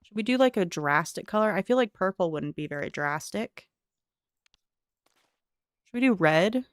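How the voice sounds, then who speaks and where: A woman's voice: medium pitch, animated, moderate pace, no room sound, clean studio sound. A young woman streaming a cozy game, chatting with viewers and thinking aloud in a curious, talkative way. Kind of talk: casual gameplay commentary.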